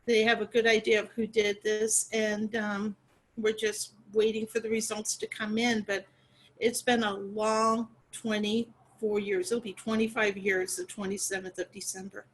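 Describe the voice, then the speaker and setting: A middle-aged woman, a guest in an interview, talking about her late sister in an earnest, halting way, with many fillers and restarts. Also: medium pitch, flat delivery, a little hiss or hum, poor audio. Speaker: guest, sister of a murder victim.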